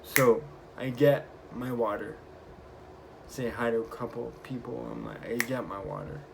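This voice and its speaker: A young man vlogging, casually retelling his week with lively quoted bits of dialogue. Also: medium pitch, normal speed, vocal fry, noisy background. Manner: chatty, animated retelling with acted quotes. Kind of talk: casual storytelling vlog.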